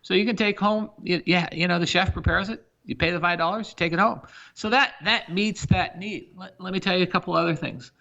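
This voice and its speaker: A middle-aged man speaks as a business leader in a podcast interview, his voice gravelly with a bright, forceful edge. He pushes his points with energy and stacks example after example. The audio is a bit dull and lo-fi. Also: high voice, fairly quick. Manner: energetic, emphatic, talks through examples. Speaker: senior living company CEO, guest.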